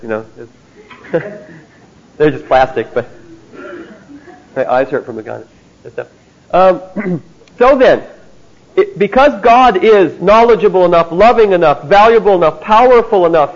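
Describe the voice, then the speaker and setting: A man teaching a theology class in an emphatic way, often checking in with his listeners by asking "see?". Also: fairly high pitch. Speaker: Bible teacher. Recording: dull lo-fi recording.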